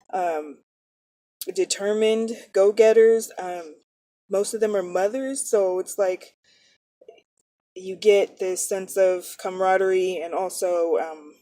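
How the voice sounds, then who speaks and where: A woman's voice: mid-range voice, dark tone, no echo. Woman in her 30s rambling on casually about school, keeps correcting herself. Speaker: nursing student vlogger. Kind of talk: casual chat.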